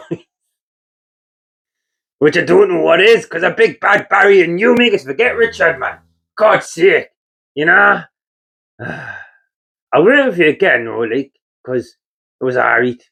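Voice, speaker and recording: Gravelly Geordie man teasing the camera. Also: mid-range voice, pushed and bright. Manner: teasing, mock-dramatic, swears casually. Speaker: builder vlogger. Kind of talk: jokey monologue to camera.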